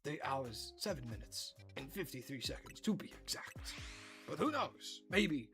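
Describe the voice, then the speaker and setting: A woman's voice: rumbling low, big pitch swings, unhurried, fairly bright tone, soft background music. A woman streaming a game and chatting casually, playful and given to mock-dramatic narration and whispered asides. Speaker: gaming livestreamer.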